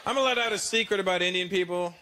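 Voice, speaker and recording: A man from Canada doing a stand-up comedy routine on a stage, animated and switching into mimicked accents. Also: high-pitched, racing. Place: large theater stage with audience laughter. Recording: loud background noise.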